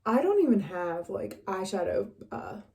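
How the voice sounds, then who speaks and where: Young West Virginia woman, loose get-ready vlog chatter, mellow voice, drifts between topics. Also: mid-range voice, sing-song, unhurried, gravelly. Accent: northern West Virginia. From West Virginia, USA. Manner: rambling, chatty, drifts off quietly. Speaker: vlogger. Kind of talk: casual get-ready-with-me chat.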